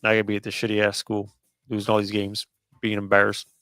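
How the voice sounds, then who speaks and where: A man's voice: on the low side, completely flat delivery, fast, fairly bright tone, no room sound. A man putting on the voice of a grumpy older male coach who sulkily grumbles about wanting out of his job. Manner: gruff, sulky grumbling.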